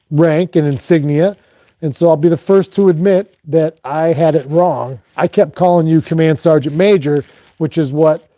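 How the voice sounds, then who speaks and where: A middle-aged man hosts a relaxed live chat and answers viewers as he goes. His voice sits a little high, with a mellow, warm tone. The sound is dry and close, and his talk wanders with many "um"s and restarts. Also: no room sound. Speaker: fishing guide and live-stream host. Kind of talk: casual live chat reading viewer comments.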